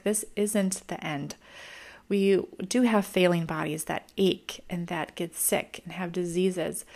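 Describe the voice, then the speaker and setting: A young woman talks to camera about a film she has seen, in a casual and reflective way, often pausing on "um" and "like" as she gathers her thoughts. Her voice sits a little low, with a gravelly fry running through it. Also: darkish tone. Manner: thoughtful, musing, many ums and likes. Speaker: mom vlogger reviewing a film.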